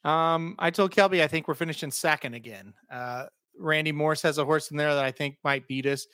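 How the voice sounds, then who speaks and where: A man's voice: a little high, fairly quick, sharp tone, no room sound, studio quality. A man co-hosting a casual podcast, chatting and laughing about his bets. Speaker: podcast co-host. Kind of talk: casual chat.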